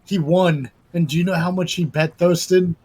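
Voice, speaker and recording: A man's voice: sits high, steady tone, normal speed, a little mellow, slightly rough. A man playing a tabletop role-play game, speaking in a theatrical, old-fashioned way. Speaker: player. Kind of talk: in-character table chat.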